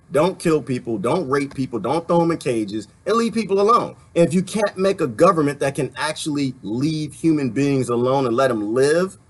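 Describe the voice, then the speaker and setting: A man talking in a casual, rambling monologue about politics, laughing often and getting worked up into animated rants. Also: a little high, breathy edge. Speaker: political commentator.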